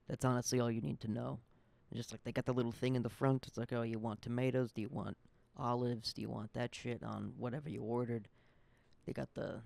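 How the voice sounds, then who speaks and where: A young man in his twenties hosts a podcast, launching into a rambling, profane story as a casual, fired-up rant. His medium-pitched voice is creaky and a little mellow, recorded dry.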